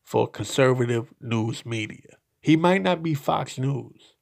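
Slow, gravelly man ranting bluntly. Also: medium pitch, a little mellow. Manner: blunt, profane and emphatic; slow, halting delivery with repeated restarts. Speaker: podcast commentator. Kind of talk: opinionated solo commentary.

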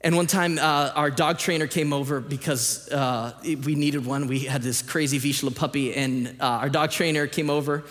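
Animated pastor preaching in a reverberant hall. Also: male voice, on the high side, normal speed, few pauses. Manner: animated storytelling, jumps between hushed reading and loud emphasis. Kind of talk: sermon. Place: church auditorium. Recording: long reverb of a large hall.

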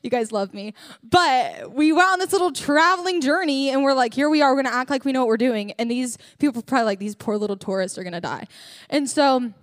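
A woman's voice: high voice, animated, fast talker. A young woman giving a humorous, chatty sermon testimony as a church speaker, joking and talking straight to the congregation.

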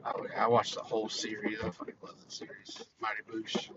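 A man's voice: on the low side, a little fast. A man co-hosting a casual podcast, telling stories with lots of energy and acting out other people's lines in raised voices. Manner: animated storyteller, acts out quotes in raised voices. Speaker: podcast co-host. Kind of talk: casual chat. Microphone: phone. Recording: dull lo-fi sound with clear background noise.

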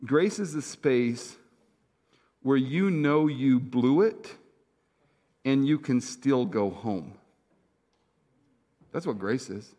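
A middle-aged man preaching a sermon as senior pastor, talking conversationally with asides to the congregation. He swings between loud, punchy lines and soft, slow, hushed ones. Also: mid-range voice.

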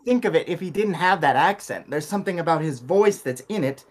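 A man's voice: on the high side, expressive, fairly quick. A man in casual conversation, reflective and thinking aloud as he explains an idea.

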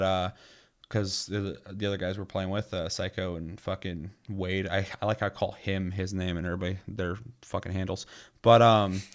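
A man with a fairly low voice, talking about a game in a loose, rambling way. He swears freely and fills his sentences with "like" and "um", in an easy, unscripted chat.

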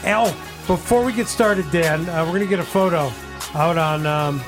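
A man's voice: on the high side, normal speed, music in the background. Teasing morning radio host man. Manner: teasing, jokey, laughs often. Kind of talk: casual morning radio banter.

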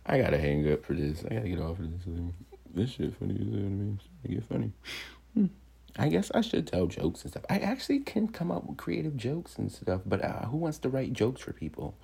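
A man's voice: lowish voice, brisk, creaky, breathy edge. A man hosting his own show, ranting casually and swearing freely. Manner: swearing freely, animated, jumps into mocking quoted voices. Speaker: podcast host. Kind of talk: casual solo rant.

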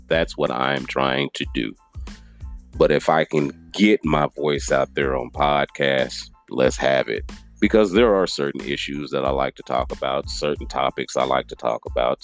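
An extremely low-pitched man records a casual solo podcast. He talks earnestly and apologetically, restating his points again and again, and a faint bed of music runs behind him.

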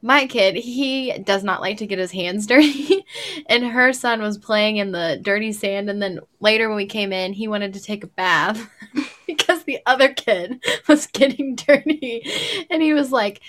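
A young adult woman in casual chat, telling animated stories with frequent laughter and swearing. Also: medium pitch, unhurried.

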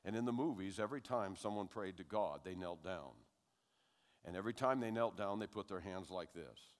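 An older man with a fairly low voice preaches to a congregation, recounting his story like a conversation. His delivery swells into loud, animated stretches. A long hall reverb trails his words. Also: normal speed. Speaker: preacher giving testimony. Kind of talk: sermon storytelling.

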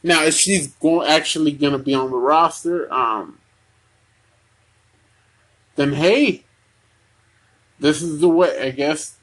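A young man hosting a casual wrestling recap podcast, talking in a halting way with many ums and restarts. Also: fairly high pitch, a bit bright. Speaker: podcast host.

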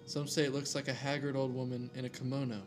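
Talking fast with a flat delivery and medium pitch, a man casually reads a scary story aloud. He slips in jokes, stumbles over the names, and faint music runs behind the reading.

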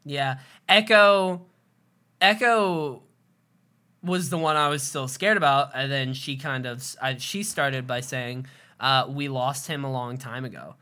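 A woman co-hosts a relaxed podcast recap, reading from her notes and reacting with lively, unfiltered enthusiasm. Her voice is bright and forward, and she swears casually as she talks. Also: very deep voice, a little slow. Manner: animated, reads from her notes, swears freely. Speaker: podcast co-host. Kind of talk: casual chat recapping a TV episode.

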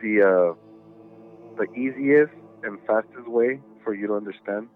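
Rambling low-voiced man, tinny line. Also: measured pace. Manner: rambling, many "you know"s, heavy swearing. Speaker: podcast guest. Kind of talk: casual storytelling chat. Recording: tinny phone-like line with faint music.

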